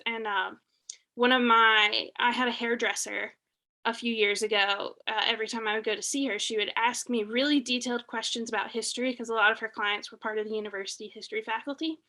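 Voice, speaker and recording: A woman's voice: on the high side, flat delivery, fairly quick, pushed and bright. A woman, a student, asking a chatty, rambling question full of fillers. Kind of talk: online Q&A question.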